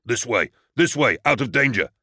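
A man's voice: fairly low pitch, big pitch swings, fairly quick, pushed and bright, no echo, clean studio sound. A man playing an armored male space soldier who speaks in a raised, clipped, urgent way.

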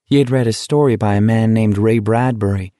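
A man reading an audiobook in steady, measured scripted narration. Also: on the low side, dry recording, studio quality.

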